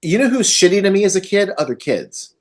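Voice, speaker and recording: A man on a podcast, casually discussing a horror film with animated energy and loose swearing. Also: high voice, brisk. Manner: animated, swearing, quotes scenes in voices. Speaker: podcast host.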